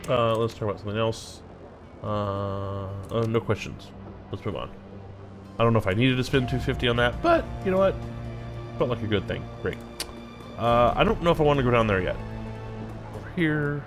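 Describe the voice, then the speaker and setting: A man's voice: medium pitch, lively intonation, moderate pace, long pauses, music in the background. A man hosting a let's play, commenting casually with fillers. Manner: casual, hesitant, with many fillers. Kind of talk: gameplay commentary.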